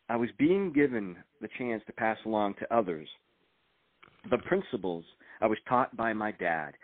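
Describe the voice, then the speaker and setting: A man's voice: on the low side, no room sound. An older man, a retired agent and author, speaking reflectively in an interview and reading aloud from his book. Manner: soft-spoken, reflective, halting restarts. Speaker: guest author. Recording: tinny dry phone-like line.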